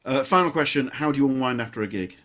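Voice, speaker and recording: A man's voice: medium pitch, quick pace. A middle-aged man hosting a comedy podcast, chatting casually with frequent restarts. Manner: chatty, lively, with hesitant restarts. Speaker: podcast host.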